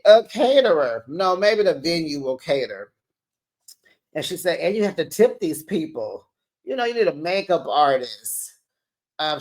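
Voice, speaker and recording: A woman hosting a casual reality TV recap, chatty and animated, talking straight to her viewers. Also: low voice. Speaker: recap channel host.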